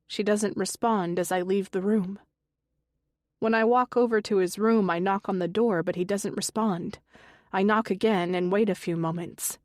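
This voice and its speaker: A woman narrating a thriller audiobook in the first person, with a measured, even delivery. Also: medium pitch, no room sound, studio quality.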